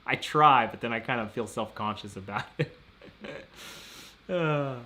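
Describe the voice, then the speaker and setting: A man's voice: mid-range voice, takes it slowly, long pauses, bright, forceful tone, slight background noise. Rambling man chatting on a live stream. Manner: rambling, laughs often, reads chat aloud. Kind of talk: casual live stream chat.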